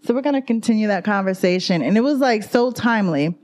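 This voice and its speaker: A woman co-hosting a podcast in casual chat, chatty and quick to laugh. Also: mid-range voice. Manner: laughs often, lively and chatty. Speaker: podcast co-host.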